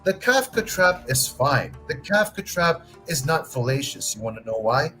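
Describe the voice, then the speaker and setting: A man's voice: fairly high pitch, sing-song, normal speed, bright, forceful tone, faint music behind, low-quality recording. Argumentative male streamer. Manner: argumentative, with frequent restarts and swearing. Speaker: livestream host. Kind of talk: casual livestream commentary.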